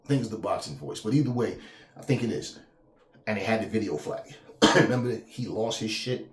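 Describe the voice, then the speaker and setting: A man's voice: on the low side, a little fast. A man, host of a boxing talk channel, rants in a heated, profane, emphatic way. He repeats himself for emphasis. The sound is roomy, with noticeable echo off the walls. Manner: profane, emphatic, repeats himself, slips into mocking quoted voices. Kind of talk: heated casual rant.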